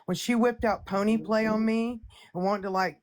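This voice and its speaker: A woman's voice: medium pitch, fairly even intonation, normal speed, a little mellow. A woman hosting a livestream chat, brash and profane, boasting and ranting in a casual way. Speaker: livestream host.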